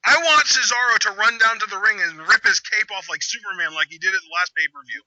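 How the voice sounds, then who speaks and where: A man hosting a casual live reaction chat, with sarcastic, quick banter. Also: high-pitched, bright, forceful tone, no room sound. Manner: sarcastic, fast-talking banter. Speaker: channel host. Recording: dull lo-fi audio.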